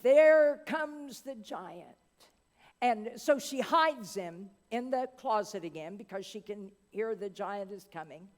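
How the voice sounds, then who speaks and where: A woman preacher telling a fairy tale in a sermon, dramatic, with long pauses and chatty asides, in a church hall. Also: a little high, lively intonation, darkish tone. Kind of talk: sermon storytelling.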